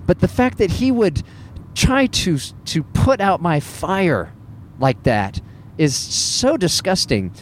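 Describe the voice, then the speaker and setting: A man's voice: sits high, very animated, slow, a little hiss or hum. A man who works as a stand-up comedian, talking in a casual, self-deprecating monologue with wry laughs.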